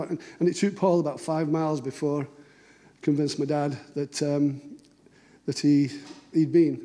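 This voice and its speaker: A middle-aged man tells stories in a relaxed, anecdotal way. His voice sits a little high but has a dark, mellow tone. He slips into the voices of the people he quotes. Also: unhurried. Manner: conversational, anecdotal, acts out dialogue. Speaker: cartoonist giving a talk. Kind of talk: storytelling talk.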